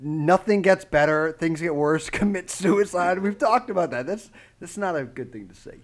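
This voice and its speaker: A man's voice: sits high, moderate pace. A man co-hosting a podcast, trading crude jokes, swearing freely and laughing often. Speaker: podcast co-host. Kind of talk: crude comedy podcast banter.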